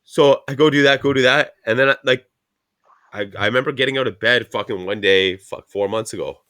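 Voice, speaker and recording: Brisk and mid-range in voice, a man from Canada hosts a podcast and spins a rambling tale. He swears constantly and retells events with animation, in casual, profane storytelling.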